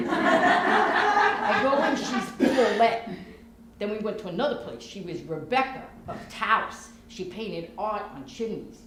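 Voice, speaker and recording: Woman playing a cocky, boastful husband, low and smug, roomy stage with noise. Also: animated, moderate pace, hardly any pauses, close to an everyday voice.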